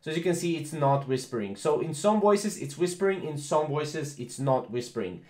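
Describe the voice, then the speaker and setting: A man with a somewhat high voice walks viewers through a casual tech tutorial, rambling along with many fillers and repeated phrases. His voice rings in an echoey room. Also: expressive, normal speed, darkish tone. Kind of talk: casual screen-recorded tutorial.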